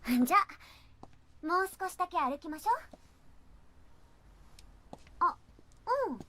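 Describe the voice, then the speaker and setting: An actress voicing a gentle young woman walking beside her commander, in soft, intimate whispered role-play from an official game ASMR clip. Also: sits high, moderate pace. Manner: soft, intimate, close to the ear.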